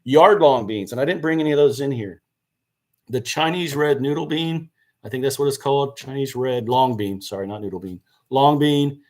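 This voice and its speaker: A man's voice: medium pitch, normal speed. Chatty man hosting a live stream. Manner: chatty, answers viewer questions, self-correcting. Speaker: gardening channel host. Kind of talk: casual live-stream chat. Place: indoors by a seed box.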